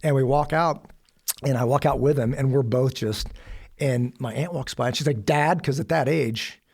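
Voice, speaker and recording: A man from the United States telling a personal story in a conversation, animated and acting out the voices of others. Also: mid-range voice, moderate pace, gravelly, slightly rough. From Kansas City, USA. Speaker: podcast guest.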